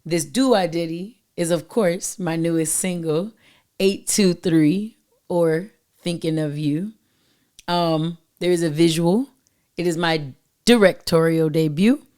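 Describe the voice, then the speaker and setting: A woman's voice: lowish voice, slow, dark tone. A woman hosting her own show, giving emphatic, slangy love advice straight to her listeners. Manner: emphatic, preachy, uses slang and direct address. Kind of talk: casual advice monologue.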